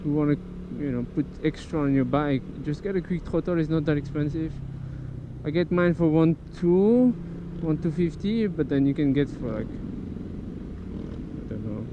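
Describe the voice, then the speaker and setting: Riding a motorcycle through city traffic, a man from France with a French accent chats casually at a moderate pace in a voice on the high side. He rambles, corrects himself and swears freely, and the helmet action camera's dull audio is swamped by traffic and engine noise.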